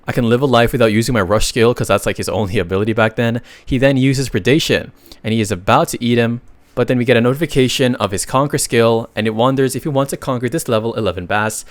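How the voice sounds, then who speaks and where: A man's voice: mid-range voice, quick pace, dry recording. A man narrating a comic recap in a casual, chatty way, reading out the dialogue and adding joking asides to viewers.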